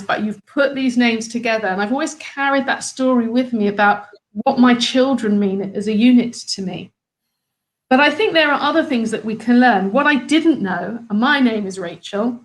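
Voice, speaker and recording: A woman's voice: medium pitch, poor audio. A middle-aged woman, a former head teacher, talking earnestly and thoughtfully about a Torah story that means a lot to her, with many fillers and restarts. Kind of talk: personal reflective talk on a Torah story.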